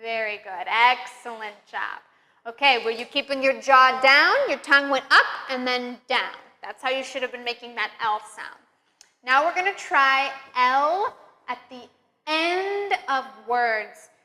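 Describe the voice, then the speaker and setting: A woman teaching English pronunciation, leading slow, careful drills with encouraging praise. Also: high voice, sharp tone. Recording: long reverb, room echo.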